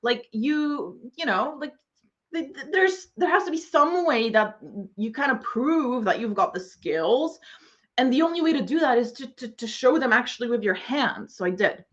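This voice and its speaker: A woman's voice: high voice, lively intonation, moderate pace, muffled recording. A woman ranting in a monologue as an online business coach, sarcastic, swearing freely and mocking other people in exaggerated voices.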